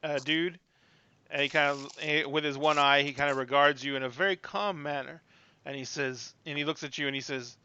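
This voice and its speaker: A man's voice: on the high side, fairly even intonation, a little fast, pushed and bright, clear, resonant tone, dull audio. A man narrating as game master in a tabletop game, rambling and hesitant.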